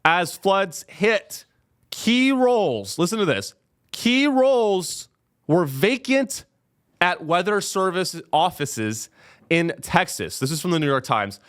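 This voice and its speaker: A man's voice: high voice, big pitch swings, slow pace, a bit bright, clear, resonant tone. A young man hosting a comedy podcast. He sounds caffeinated and rambles through a profane monologue, full of restarts.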